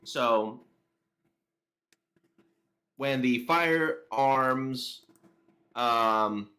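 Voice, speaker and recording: A man co-hosting a casual political commentary chat, often pausing with fillers as he reads through numbers. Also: medium pitch, sharp tone. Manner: reads out statistics haltingly, many fillers. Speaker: co-host.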